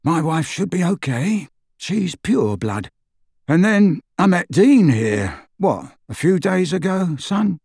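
Mellow family man read by the narrator: chatty, animated, relaxed. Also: mid-range voice, slow, gravelly, slightly rough, no echo, studio quality, pitched above the performer's own voice, heavily acted. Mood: easygoing. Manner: easygoing, chatty. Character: mellow-voiced middle-aged wizard father, easygoing. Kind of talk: audiobook character voice.

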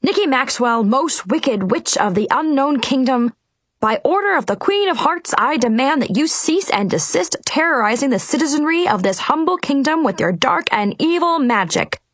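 A woman's voice: high-pitched, lively intonation, normal speed, no room sound, pitched above the performer's own voice. A woman voicing a stern, pompous male wizard who reads out a proclamation dramatically. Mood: proclaiming.

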